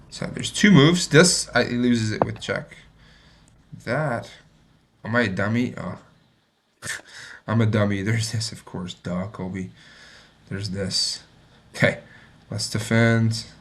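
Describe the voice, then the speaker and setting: A man streaming himself playing chess, thinking aloud and muttering to himself, sometimes mocking his own mistakes and getting excited. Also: lowish voice. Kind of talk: thinking aloud while playing and reviewing a game.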